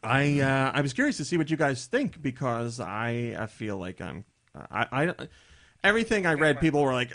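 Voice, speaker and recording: A man of ordinary pitch hosting a casual podcast. He talks in a loose, chatty way, joking and drifting into side remarks. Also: lively intonation, normal speed, a bit bright. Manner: chatty and jokey, rambling asides. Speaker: podcast host.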